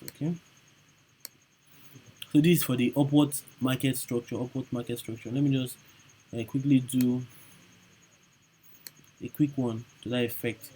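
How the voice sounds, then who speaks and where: A man's voice: mid-range voice, fairly even intonation, unhurried, pauses often, warm tone, breathy edge, rough recording. A man teaching chart trading over a screen recording, repeating each point and checking in with "okay?" and "right?". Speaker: trading instructor.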